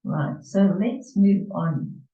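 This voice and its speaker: A woman tutoring English in a conversation lesson, talking things over unhurriedly with many fillers and pauses. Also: lowish voice, lively intonation. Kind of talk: conversation lesson, reading from an article. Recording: echoey, distant and muffled.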